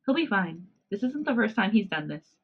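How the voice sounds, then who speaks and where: Brief: woman reading as a proud male cat hybrid leader, cool and lecturing, a bit higher than her own voice, lo-fi podcast audio. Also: big pitch swings, normal speed, slightly rough. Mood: cold, proud.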